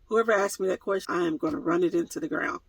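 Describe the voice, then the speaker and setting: A woman's voice: lowish voice, fast, vocal fry, breathy edge, no echo, rough recording. A woman vlogger answering viewer questions in a casual chat, playful and laughing often, with mock-dramatic jokes, filmed on a phone camera. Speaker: van life vlogger. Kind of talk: casual Q&A vlog.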